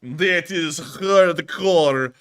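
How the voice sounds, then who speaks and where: A man voicing a menacing Russian man who pushes cake with threats, in a put-on thick Russian accent, delivered slowly and heavily. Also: fairly high pitch, fairly bright tone, smooth, voice pushed up. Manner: slow, heavy, theatrical delivery.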